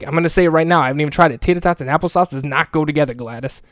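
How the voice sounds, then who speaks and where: A man's voice: on the high side, very fast, no echo, studio quality. Foul-mouthed ranting middle-aged man. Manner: crude, profane, rambling rant. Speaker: school janitor. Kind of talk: comedic ranting monologue.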